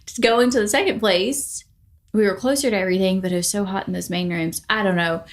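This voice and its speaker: A woman in her thirties co-hosting a relaxed chat podcast. She talks in long, rambling runs, full of fillers and restarts. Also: medium pitch, brisk. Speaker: podcast co-host. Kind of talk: casual chat.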